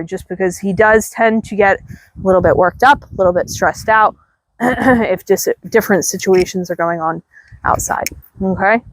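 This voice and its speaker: Woman trainer, slightly high voice, dry close sound, calm teaching with sing-song praise. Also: no echo. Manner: calm explaining, bursts of high praise to the dog. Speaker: dog trainer. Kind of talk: instructional dog training demo. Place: outdoors.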